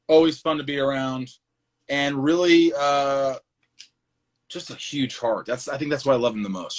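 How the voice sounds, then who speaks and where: A man hosting a casual chat on a live video call from his phone, excitable and acting out movie scenes. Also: mid-range voice. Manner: excitable, acts out movie scenes in shouted bursts. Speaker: livestream host.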